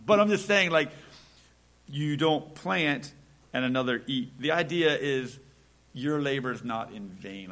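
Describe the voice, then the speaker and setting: A man preaching a casual sermon, reading scripture slowly and acting out small everyday dialogues in a conversational way. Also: mid-range voice, a bit bright. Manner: conversational, acts out little dialogues, slows for scripture.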